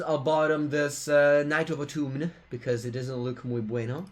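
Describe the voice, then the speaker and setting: A man's voice: a little high, flat delivery, moderate pace. A man with an Italian accent commentating his own card game live, playful and chatting with viewers as he taunts his opponent. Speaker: streamer and card game player. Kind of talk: live-streamed gameplay commentary.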